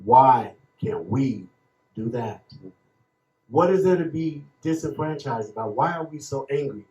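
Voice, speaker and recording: A man in his fifties from Chicago, giving emotional, preacher-like testimony as a panel speaker with slow emphatic phrases. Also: mid-range voice, animated, dark tone. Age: 50s. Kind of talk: impassioned testimony. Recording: echoey room, dull lo-fi sound.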